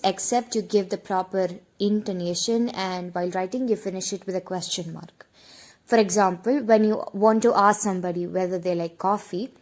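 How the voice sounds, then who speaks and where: A woman's voice: mid-range voice, darkish tone. A woman teaching beginner French on her channel, speaking in a mid-range voice. She walks through each rule patiently, repeating the example sentences so viewers can follow along. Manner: explanatory, repeats examples slowly. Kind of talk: online language lesson.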